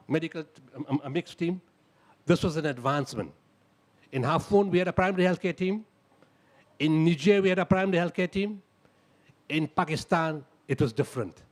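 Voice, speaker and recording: A man's voice: sits high, a little mellow. A middle-aged man, telling a dramatic story at a live talk, acting out the dialogue and hammering home lists. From South Africa. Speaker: humanitarian speaker.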